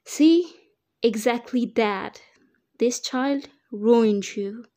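Ruthless male crime boss read by a woman, slow taunting delivery, mellow tone, fan fiction audiobook. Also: medium pitch, natural voice. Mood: scornful.

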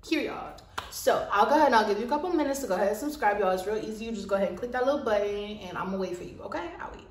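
A woman's voice: medium pitch, rapid-fire, distant mic, a little hiss or hum. Chatty woman vlogging in an echoey room. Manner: animated, slangy, talks to viewers directly. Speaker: mom vlogger. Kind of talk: casual chatty vlog. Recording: echoey room, voice a bit off-mic, light music.

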